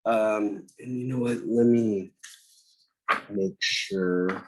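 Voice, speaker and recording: A man teaching a cooking class over a video call, talking slowly with many fillers and restarts. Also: fairly low pitch, steady tone, a little mellow, slightly rough, rough recording. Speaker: cooking instructor.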